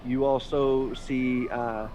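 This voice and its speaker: A man's voice: medium pitch, little pitch movement, takes it slowly, mellow, a little hiss or hum, rough recording. A man narrating a tabletop game as game master, rambling and correcting himself as he goes.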